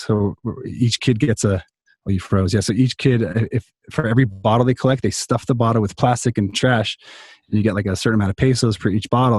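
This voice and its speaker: A man's voice: fairly low pitch, darkish tone, no echo, clean studio sound. A man telling a long story in a casual interview over a video call, rambling with many restarts and fillers. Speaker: songwriter guest.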